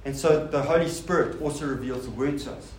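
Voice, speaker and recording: A man's voice: on the high side, brisk, darkish tone. Man preaching in a roomy hall. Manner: rhetorical questions, informal asides to the congregation. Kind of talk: sermon. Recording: roomy hall sound with faint noise.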